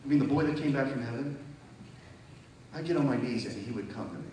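A man's voice: mid-range voice, fast, a little mellow, slight background noise. Preacher man in a very echoey hall. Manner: emphatic and conversational, often asks the audience questions. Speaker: preacher giving a testimony. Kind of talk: sermon testimony. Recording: very echoey hall, mic far off.

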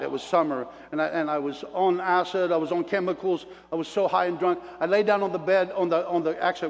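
A man preaching his testimony as an animated storyteller, folksy and plain-spoken, calling out to the congregation. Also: fairly high pitch. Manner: animated storyteller with preacher call-outs to the crowd; folksy self-described redneck talk. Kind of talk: sermon testimony. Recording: long reverb of a large hall.

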